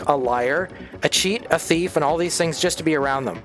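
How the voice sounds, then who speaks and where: A middle-aged man chats through his livestream in a loose, rambling way, jumping into animated stories and swearing freely. His voice sits a bit on the high side. Soft game music plays faintly under him. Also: brisk. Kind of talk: casual livestream chat while playing.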